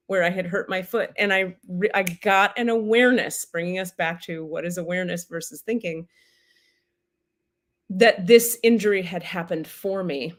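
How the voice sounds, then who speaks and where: A woman hosting a comedic spiritual livestream, telling a profane, animated story full of tangents. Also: medium pitch.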